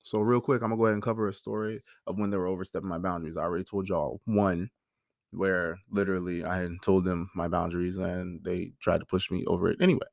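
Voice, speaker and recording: Man, 30s, podcast host, deeper voice, raw and profane storyteller, dry booth sound. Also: flat delivery, fast, gravelly, dry recording. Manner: emotional, profane, blunt storytelling with quoted dialogue. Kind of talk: personal storytelling monologue.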